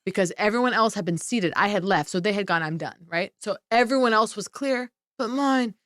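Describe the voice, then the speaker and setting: A woman co-hosting a comedy podcast in casual chat, telling animated stories, acting out what people said and swearing freely. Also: mid-range voice, a little fast, no room sound, clean studio sound. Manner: animated storytelling, acts out quotes, swears freely. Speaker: podcast co-host.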